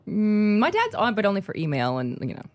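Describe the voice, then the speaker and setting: A woman chatting casually on a podcast, animated and quick to laugh, raised on Army bases around the United States. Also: medium pitch, no echo. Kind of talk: casual chat.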